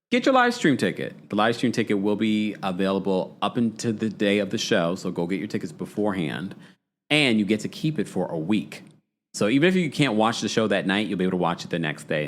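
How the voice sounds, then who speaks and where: A man hosting a casual livestream, chatting and reading viewer comments, with a dry mouth. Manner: chatty, animated, jumps into high voices when quoting. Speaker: host.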